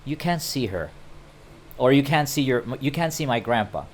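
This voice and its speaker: A man voicing a calm, reserved young woman of wealth, speaking quietly. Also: fairly low pitch, measured pace, close to an everyday voice.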